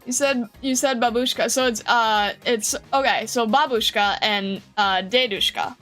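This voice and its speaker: Woman game streamer, high and unhurried, flustered and laughing as she answers chat. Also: fairly bright tone, soft background music. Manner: giggly, flustered, reads viewer comments aloud. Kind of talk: casual live-stream chat with viewers.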